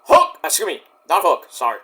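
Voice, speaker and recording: A man recapping a wrestling show in a casual, excitable rant, swearing often. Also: a little high, brisk, husky. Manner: excitable, profane, storytelling rant.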